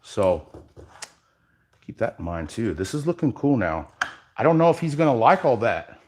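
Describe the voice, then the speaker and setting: A man leads a live epoxy workshop demo, chatting casually with his viewers. His pitch swings widely, rising high when he greets the chat and sinking low and quiet as he concentrates on the work. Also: big pitch swings, normal speed, a little hiss or hum. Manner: casual, chatty, addresses viewers directly, drifts quiet while working. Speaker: epoxy artist and workshop host.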